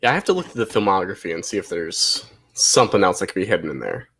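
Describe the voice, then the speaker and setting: A man's voice: deep voice, big pitch swings, quick pace, fairly bright tone, breathy edge. A man hosting a casual movie watch-along stream, laid-back and rambling, full of "like.". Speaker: podcast host.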